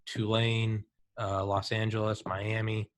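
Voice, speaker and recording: A man's voice: on the low side, takes it slowly. A man in his thirties hosting a casual talk, telling stories with lots of "like" and "dude". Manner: animated storyteller, says "dude" and "like". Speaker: podcast host. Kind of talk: casual conversation.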